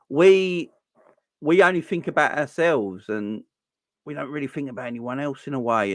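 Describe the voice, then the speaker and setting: A man from delivers a passionate rant, repeating himself, stumbling and restarting as his voice rises toward a shout. His pitch sits in a middle range. The sound is dry and close, with no room around it. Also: no room sound. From London. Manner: heated, repetitive, stammering restarts, rising to near-shouts. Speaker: football channel host. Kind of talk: passionate ranting monologue.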